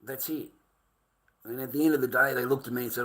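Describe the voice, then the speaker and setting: A man's voice: mid-range voice, steady tone, fast, long pauses, fairly bright tone. A middle-aged Australian man ranting to his livestream chat, swearing constantly and calling viewers mate and boys.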